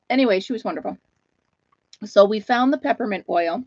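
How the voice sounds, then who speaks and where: A chatty woman hosting a casual live stream, rambling through her stories and pausing to greet viewers by name. Her voice is close and dry with no room around it, and the sound is a little dull and lo-fi. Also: mid-range voice, a little mellow, no room sound. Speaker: host of a live chat stream.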